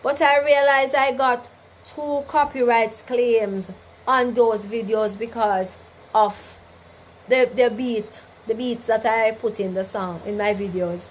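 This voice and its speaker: She speaks slowly in a fairly high voice with fairly even intonation, and the rough recording carries a slight hiss or hum. As host of an informal livestream, she reads viewer comments and gives faith-filled, preachy guidance, often asking "you understand?" and "right?".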